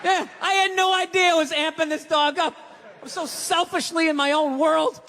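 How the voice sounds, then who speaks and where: Profane, ranting stand-up comic, high voice. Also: male voice, fairly even intonation, normal speed, bright, forceful tone, a faint crowd, a little hiss or hum. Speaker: stand-up comedian. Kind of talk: stand-up routine. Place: large live venue. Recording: live hall with audience.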